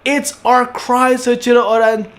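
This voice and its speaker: A man gushing in a casual video review of an anime episode, excitable, swearing freely, and trailing off into fillers. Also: very high voice, moderate pace.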